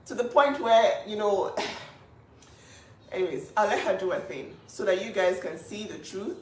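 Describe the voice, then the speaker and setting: A woman's voice: medium pitch, moderate pace. Indignant woman in an echoey room. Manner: emphatic and indignant. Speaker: older sister speaking out. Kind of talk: emotional on-camera statement. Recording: echoey room, voice at a distance, faint hiss.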